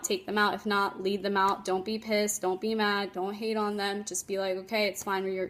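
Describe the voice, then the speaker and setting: A woman with a slightly high voice talks as a dog trainer on a phone livestream. She is chatty and emphatic and laughs often as she gives casual tips.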